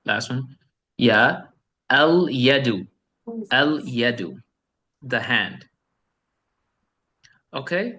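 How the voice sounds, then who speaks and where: A man's voice: medium pitch, bright, forceful tone. A man teaching a beginner Arabic lesson over a video call, patiently repeating each word and explaining the sounds. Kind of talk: online beginner language lesson.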